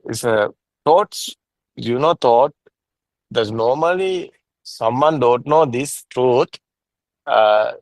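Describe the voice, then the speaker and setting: A man teaching Buddhism in a casual discussion over a video call, halting and repetitive, with frequent soft laughs. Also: fairly high pitch, dry recording, rough recording.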